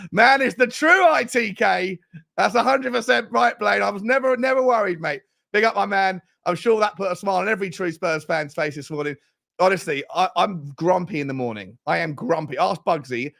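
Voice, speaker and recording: A man hosting a fan show livestream, reading out viewer super chats with excitable, slangy banter. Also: sits high, gravelly.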